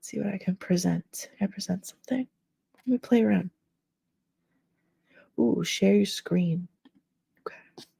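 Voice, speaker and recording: A woman's voice: mid-range voice, a little slow, gravelly, pauses often, dark tone, slightly rough. A middle-aged woman chatting casually with her live chat viewers, telling everyday stories, laughing often and acting out voices. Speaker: live stream host.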